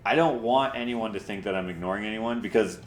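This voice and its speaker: A man's voice: on the low side, fast, roomy sound. A man co-hosting a podcast in casual chat, easygoing and talking in long run-on thoughts. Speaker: co-host.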